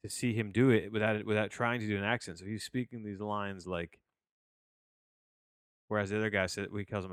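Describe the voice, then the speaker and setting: A man's voice: on the low side, flat delivery, fairly quick, long pauses, clean tone, no echo, studio quality. A man hosting a podcast, reviewing movies in loose, rambling chat full of restarts, self-corrections and offhand swearing.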